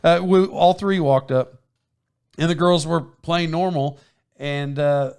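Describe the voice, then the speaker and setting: In casual chat on his podcast, a man with a somewhat high, slightly mellow, smooth voice tells a story slowly and with fairly even intonation. He wanders, starts sentences over and laughs as he goes, his microphone covered by a foam windscreen.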